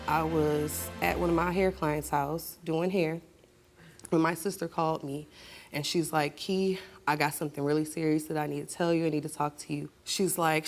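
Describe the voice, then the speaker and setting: Lowish-voiced woman telling a painful story. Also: a little mellow. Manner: heated, talks over others. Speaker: guest. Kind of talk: emotional testimony on a talk show.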